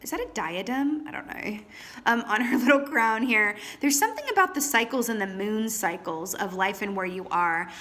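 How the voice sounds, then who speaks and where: A woman's voice: medium pitch, expressive, normal speed, bright, forceful tone. A woman reading tarot cards to camera in a chatty, theatrical way, calling viewers honey and darlings. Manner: theatrical, trained stage performer. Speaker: tarot reader.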